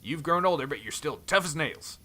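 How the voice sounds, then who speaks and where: A man's voice: a little high, lively intonation, a little fast, sharp tone. A man doing Helm, a cowboy-drawling mercenary. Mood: reminiscing. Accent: put-on cowboy drawl. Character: rough friendly male mercenary, brawler.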